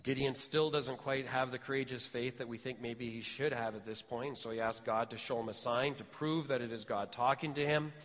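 Pastor preaching in an echoing sanctuary. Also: male voice, steady tone, normal speed, few pauses. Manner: conversational preaching, drops to soft low tones for emphasis. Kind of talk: sermon. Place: church sanctuary.

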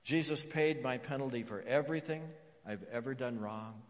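A man preaches from the pulpit, his mid-range voice carrying a long reverb through the church hall. He presses points emphatically and then falls to hushed, repeated phrases. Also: medium pitch, a little fast. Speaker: pastor. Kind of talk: sermon.

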